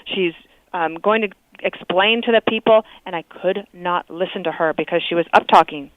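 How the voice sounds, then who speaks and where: A woman's voice: fairly low pitch, moderate pace, no room sound. Woman on a tinny phone line. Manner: chatty and candid, with small fillers. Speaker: guest. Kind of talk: phone interview on talk radio.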